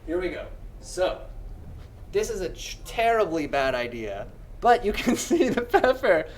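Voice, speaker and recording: Animated, jokey male streamer. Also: high-pitched, measured pace, slight background noise. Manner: rambling, jokey, repeats himself. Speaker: live streamer. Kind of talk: casual live-stream chat.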